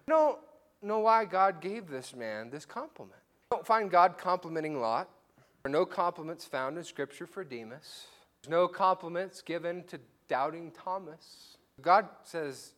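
A man's voice: high voice, very animated, normal speed, a bit bright. A male pastor preaching a conversational, story-driven sermon to his church. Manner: conversational, storytelling with acted-out quotes.

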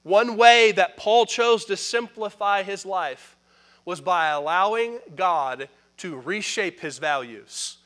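A man preaching a sermon as pastor, addressing the congregation directly, with emphatic delivery that swings from quick asides to loud pronouncements. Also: high voice.

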